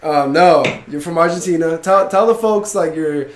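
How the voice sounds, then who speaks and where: A man's voice: a little high, normal speed, a little hiss or hum. Young male podcast host, loose and profane, recorded in a roomy space. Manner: loose, swears casually, laughs, many "like" fillers. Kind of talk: casual podcast chat. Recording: echoey room.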